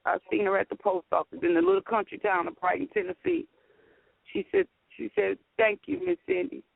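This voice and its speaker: A woman calling in to a talk radio show, telling a painful personal story in a halting, repetitive way. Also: medium pitch, vocal fry, no echo. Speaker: caller. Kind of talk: emotional call-in testimony. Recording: phone line.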